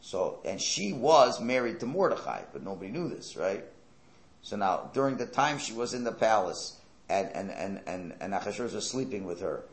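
A man's voice: on the low side, reverberant. A man giving a religious lecture, emphatic and full of rhetorical questions and sarcastic asides. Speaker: Torah teacher.

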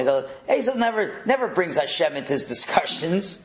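A middle-aged man leading a religious text class, animated, firing rhetorical questions and repeating words. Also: fairly high pitch, moderate pace, reverberant, low-quality recording. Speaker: religious teacher.

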